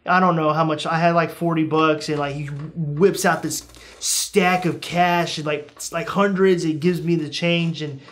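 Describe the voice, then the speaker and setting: Animated young man telling stories. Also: moderate pace. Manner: animated, mimics his own reactions with jumps in pitch. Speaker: podcast host. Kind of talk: casual storytelling chat.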